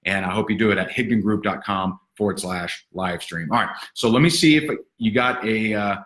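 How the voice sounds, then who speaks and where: A man giving livestream sales training in an energetic, sarcastic, punchy motivational way. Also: on the low side. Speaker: network marketing trainer. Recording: roomy echo.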